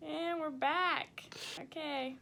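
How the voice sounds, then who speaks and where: An ill woman speaks tiredly from a hospital room, her high voice crackling with fry. A phone held by someone else records her, with a faint hiss behind. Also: fairly even intonation, slow, bright, forceful tone. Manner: tired, subdued. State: ill and weak. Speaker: vlogger. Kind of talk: casual vlog. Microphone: phone held by another person.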